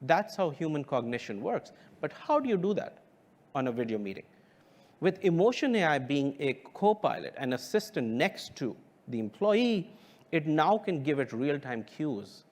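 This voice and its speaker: Lively, higher-pitched man giving a keynote. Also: normal speed. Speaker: company founder giving a keynote. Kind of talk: keynote presentation.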